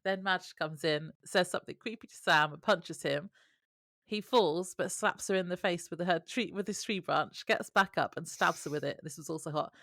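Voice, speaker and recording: Wry, low-voiced woman podcast co-host. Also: moderate pace, fairly bright tone, dry recording, studio quality. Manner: wry, laughs often between remarks. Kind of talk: casual chat recapping a TV episode.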